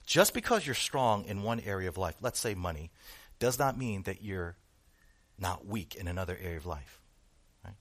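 A man's voice: mid-range voice, a bit bright. A male pastor preaching a sermon to his congregation, with rhetorical questions and rising emphasis. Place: church room with a congregation.

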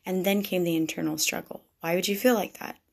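Woman vlogger, lowish voice with vocal fry; earnest, confessional personal storytelling. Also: fairly even intonation, brisk, a little mellow. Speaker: vlogger speaking to wives.

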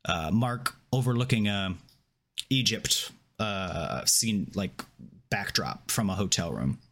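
A man co-hosting a podcast, recapping and discussing a TV episode in relaxed, rambling chat full of fillers. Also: on the low side, takes it slowly. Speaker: podcast co-host. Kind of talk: casual chat breaking down a TV episode.

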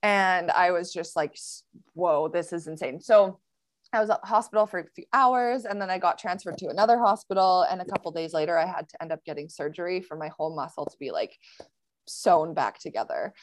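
A woman guest on a podcast, telling a personal story in a casual, animated way with many fillers and quick laughs. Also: on the low side, no echo.

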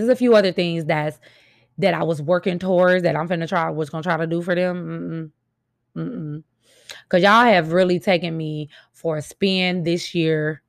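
Frank mother venting, low gravelly voice. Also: no echo, studio quality. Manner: frank, emphatic, repeats points for stress. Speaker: mother and vlogger. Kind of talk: casual venting monologue to viewers.

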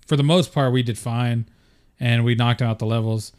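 A man's voice: medium pitch, fairly even intonation, moderate pace, darkish tone. A young man co-hosting a podcast, chatting casually in a laid-back, joking way with a lot of swearing. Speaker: podcast co-host. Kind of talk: casual chat.

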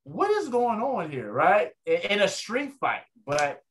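A man with a fairly high voice tells a wild story with a lot of energy. He jumps into other people's voices as the story goes. He sounds loose and casual, like a guest chatting on a show. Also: huge pitch swings, measured pace, a bit bright, slight background noise. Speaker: guest, ring announcer.

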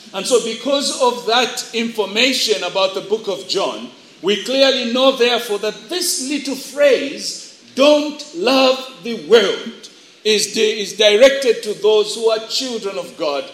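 A man's voice: high-pitched, fairly bright tone. A man preaching a sermon to young people, acting out voices as he tells stories. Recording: echoey room.

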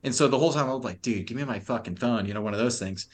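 A man's voice: mid-range voice, rapid-fire. A young adult man on a podcast, telling a long story in rambling, profane, laugh-filled casual chat.

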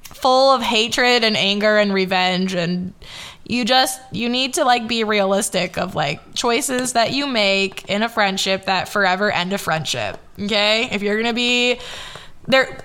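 Bright, clear-voiced young woman host. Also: medium pitch, measured pace. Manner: chatty, swearing, lots of "like" fillers. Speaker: podcast host. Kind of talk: casual podcast chat.

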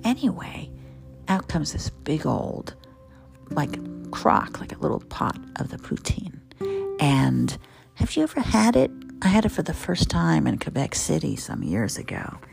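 This is a woman with a low, deeply gravelly voice hosting a cooking show. She talks in a casual, animated way, swooping through a very wide pitch range and tossing in playful, opinionated asides. Guitar music plays clearly behind her. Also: a little slow.

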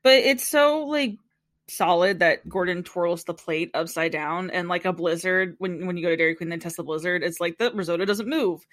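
A young woman co-hosting a podcast, casually recapping a TV episode in an animated, chatty way and acting out the people in it. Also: fairly low pitch, normal speed, no room sound, studio quality. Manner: chatty, animated retelling with quoted impressions and frequent laughter. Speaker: podcast co-host.

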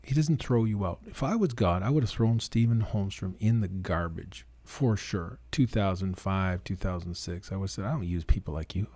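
A man's voice: deep voice, moderate pace, few pauses, mellow, no echo. A middle-aged Canadian man and preacher, telling his story earnestly and emphatically in a casual interview, sometimes quoting others. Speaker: guest, preacher.

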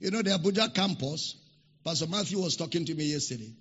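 Gravelly, lively pastor preaching. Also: male voice, a little high, fast talker. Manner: emphatic preaching with repeated phrases. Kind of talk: sermon. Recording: dull lo-fi recording with long hall reverb.

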